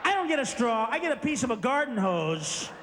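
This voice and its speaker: A man's voice: extremely high pitch, sing-song, a little fast, big-room sound. Screaming ranting male stand-up comic. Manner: screaming, ranting, acts out scenes. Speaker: stand-up comedian. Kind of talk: stand-up routine. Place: club stage before a live audience. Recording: live show with loud crowd and noise.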